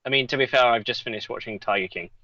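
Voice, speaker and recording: A man from England with a mixed English accent, chatting casually on a live Q&A, halting and restarting often. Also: medium pitch, bright, forceful tone, no echo, lo-fi sound. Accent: mixed English, Essex and Yorkshire traces. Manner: halting, many restarts, reads chat questions. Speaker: guest.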